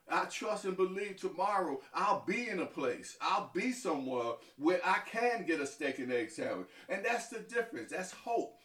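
Soft-spoken deacon from Harlem, halting. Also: male voice, high voice. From Harlem, New York. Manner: halting, repeats and stammers on words. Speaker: deacon, interview guest. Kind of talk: reflective interview answers. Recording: echoey, from far off.

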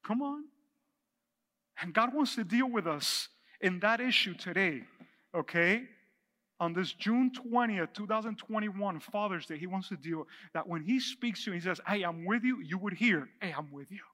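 A man preaching in a large church hall, his voice high and ringing bright. He reads scripture aloud and presses his points with animated energy, and a long reverb trails every phrase. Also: moderate pace. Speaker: pastor. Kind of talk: sermon.

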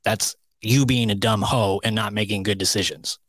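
A man's voice: fairly low pitch, steady tone, moderate pace, fairly bright tone, no echo. A man co-hosting a casual chat podcast, telling stories in a blunt, profane way. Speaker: co-host.

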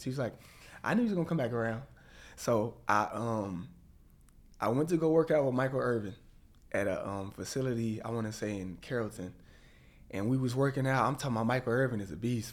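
A man telling a lively story as a guest in an interview, acting out the voices of people he quotes. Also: medium pitch.

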